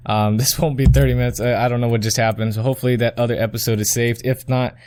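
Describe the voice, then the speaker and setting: A man's voice: mid-range voice, level tone, quick pace, a little mellow, clear, resonant tone, no room sound, clean studio sound. A young man hosting a casual sports podcast, rambling through scores, correcting himself and chuckling often. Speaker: podcast host.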